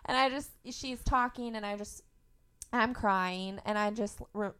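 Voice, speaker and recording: A young woman from Indiana speaks openly as a podcast guest, her voice at an ordinary middle pitch. She talks in a candid, emotional way and keeps laughing through painful memories. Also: unhurried, fairly bright tone, clear, resonant tone. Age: young adult. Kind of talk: candid conversational storytelling.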